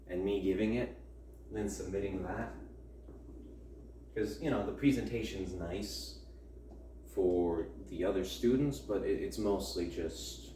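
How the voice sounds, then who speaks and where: Working out at home, a young adult college student rambles and rants with lots of fillers, sounding grumbly. His voice is low and mellow, and the roomy recording has a distant mic, faint ambience, and a little hiss or hum.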